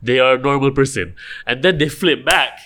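Man, podcast co-host, lively rambling chat, bright forward tone. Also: medium pitch, normal speed. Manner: animated, rambling with restarts. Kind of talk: casual chat.

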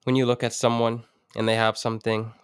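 A man's voice: fairly low pitch, monotone, a little fast, clear, resonant tone, no room sound, clean studio sound. A man hosting his own podcast, talking alone in an earnest, reflective way with jokey asides. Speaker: podcast host. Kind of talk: solo motivational podcast talk.

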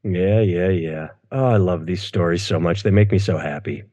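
A man's voice: sits low, moderate pace, warm tone, long reverb tail. A man in his thirties co-hosts a comedy news podcast, sarcastic and profane. He stumbles through restarts as he talks. The audio is dull and lo-fi, as if from a modest home setup. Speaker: podcast co-host. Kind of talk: casual comedic news chat.

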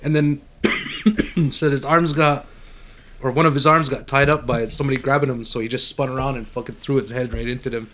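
A man's voice: mid-range voice, steady tone, fairly quick, a bit bright, a little hiss or hum. A man co-hosting a casual podcast, telling a rowdy story with lots of swearing and laughter. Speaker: podcast co-host.

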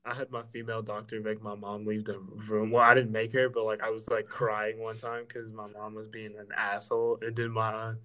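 A man's voice: on the low side, flat delivery, moderate pace, few pauses, pushed and bright, rough recording. A young man in casual chat, joking and acting out quotes, saying "bro" a lot. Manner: joking, says "bro" often, acts out quotes.

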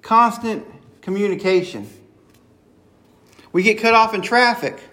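A man's voice: high-pitched, animated, measured pace, bright, forceful tone. A man preaching a sermon on prayer in an earnest, conversational way, acting out sample prayers as he goes.

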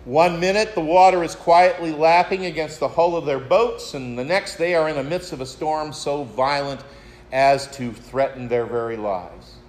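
A man's voice: fairly high pitch, moderate pace. A man preaching a sermon, retelling a story in a reflective way and addressing his listeners as friends. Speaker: pastor.

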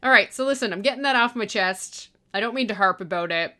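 A woman's voice: mid-range voice, fast talker, sharp tone. A middle-aged woman hosting a solo show, delivering a blunt, profane rant about people who make excuses and don't deliver. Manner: blunt, exasperated, swears freely, mocks excuses in a whiny voice. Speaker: podcast host and online course business owner. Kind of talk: profane ranting monologue.

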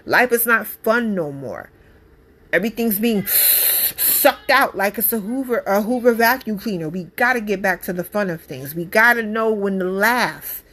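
A woman's voice: mid-range voice, animated, normal speed, fairly bright tone, husky. A woman, a mother, giving her opinion in a casual monologue, emphatic and blunt, repeating her points with passion. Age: adult parent.

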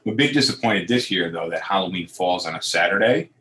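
A man's voice: low voice, lively intonation, fast talker, fairly bright tone. A man co-hosting a casual chat, telling stories with crude jokes and repeated words.

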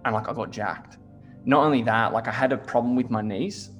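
A man's voice: medium pitch, brisk. A young man talking in an easy, casual chat. He tells his stories animatedly, leans on "like" constantly and swears freely. Faint music sits under his voice. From Australia. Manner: swears a lot, heavy use of "like", animated storytelling.

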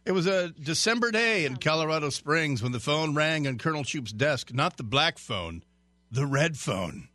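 A man's voice: on the high side, lively intonation, moderate pace, sharp tone. A man guest-hosting a radio talk show, reading a news story in a chatty way with stumbles and jokey asides. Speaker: radio fill-in host.

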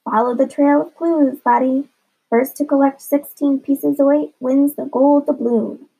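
A woman's voice: high-pitched, fairly even intonation, creaky, mellow. Woman doing a drawling pirate man. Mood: swaggering. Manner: pirate talk, slow drawl. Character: jolly scheming grown man pirate, gruff. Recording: dull lo-fi recording.

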